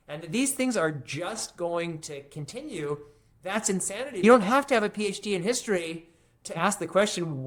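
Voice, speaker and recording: A man, a historian and futurist, talking emphatically in a podcast interview and repeating phrases to drive his points home. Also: on the high side.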